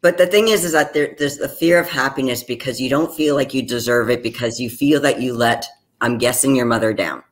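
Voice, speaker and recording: A man speaks as a therapist in a mid-range voice. He keeps an even, calm tone and leads the talk with probing questions. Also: mid-range voice, fairly quick. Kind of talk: counseling conversation.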